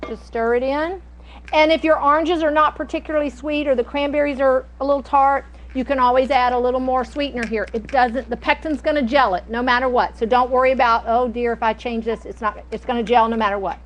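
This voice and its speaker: A woman's voice: high voice, steady tone, brisk, a little hiss or hum, rough recording. A middle-aged woman, chatting and telling stories while teaching a cooking class. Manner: chatty, storytelling, folksy. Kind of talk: casual cooking demonstration.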